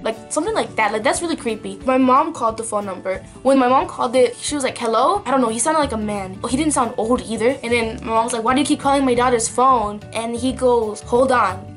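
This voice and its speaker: Young woman vlogging, lots of likes and ums, bit high pitched, soft music under. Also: fast, hardly any pauses. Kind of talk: casual story time.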